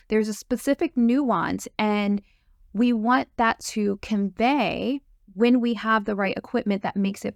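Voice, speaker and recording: Gravelly-toned eager woman host. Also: medium pitch, dry recording, clean studio sound. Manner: upbeat, eager, fillers and restarts. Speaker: host, sound therapy course creator. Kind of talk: enthusiastic course promo chat.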